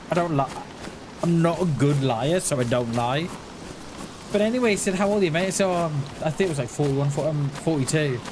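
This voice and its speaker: A man in his forties chatting casually on a gaming livestream, rambling and halting, often restarting his words and answering his viewers in a friendly way. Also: a little high. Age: 40s. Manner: talks back to chat in a friendly, reassuring way. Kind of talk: casual livestream chat while playing. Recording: noisy home stream recording.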